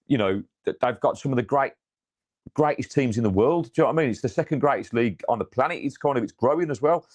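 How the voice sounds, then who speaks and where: A man talks football on a fan podcast. He swears freely and restarts his sentences, getting animated as he rants. It is casual, unscripted chat. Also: fairly high pitch. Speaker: podcast co-host.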